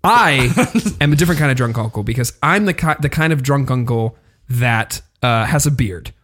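A man playing a deadpan bearded drunk uncle. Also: medium pitch, moderate pace, close to an everyday voice.

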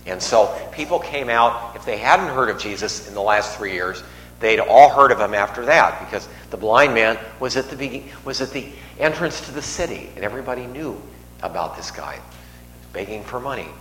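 A man's voice: medium pitch, lively intonation, normal speed, a bit bright. A man preaching a sermon in a church, conversational, joking with the congregation. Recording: echoey hall, faint noise.

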